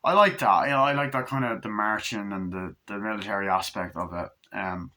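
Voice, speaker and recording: A man's voice: fairly low pitch, steady tone, fairly quick, sharp tone. A man giving a rambling, enthusiastic casual movie review, swearing freely as he walks through the scenes.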